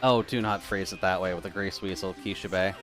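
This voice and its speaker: A man's voice: deep voice, brisk, over music. A man streaming a game live, reading its dialogue aloud and joking with chat in a casual, profane way. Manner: animated, joking, swears casually.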